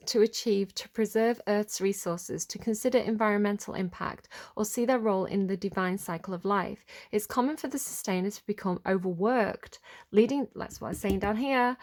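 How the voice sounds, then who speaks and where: A woman giving a casual tarot reading who rambles, gets easily distracted and often apologizes, then reads card text aloud more slowly between her asides. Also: medium pitch. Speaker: tarot reader.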